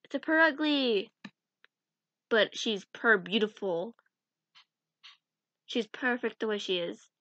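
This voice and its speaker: A woman's voice: on the high side, expressive, slow, pauses often, a bit bright, no room sound. A young woman chatting casually in a vlog as she sorts through cards, giggling and mumbling names to herself. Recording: dull lo-fi sound.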